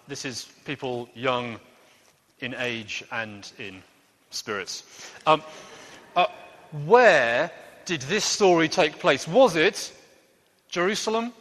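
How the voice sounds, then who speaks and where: A playful man quizzes children during a church service, his voice leaping up and down as he jokes. His voice sits a little high for a man. Long reverb from the church hall trails every phrase. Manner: lively, playful quizmaster with gentle jokes. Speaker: children's talk leader at church.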